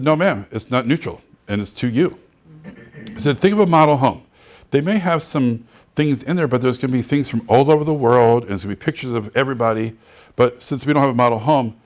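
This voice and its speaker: Animated male real estate instructor. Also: mid-range voice. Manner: animated storyteller who acts out dialogue and laughs often. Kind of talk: classroom lecture with anecdotes.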